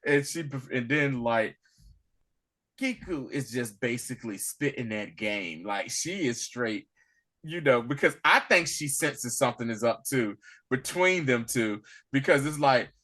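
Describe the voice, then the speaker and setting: A man co-hosting a podcast, retelling a TV episode in casual slangy chat, acting out scenes and laughing often. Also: unhurried. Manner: drops to a low murmur when quoting, jumps high and loud when excited. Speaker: podcast co-host recapping a TV episode.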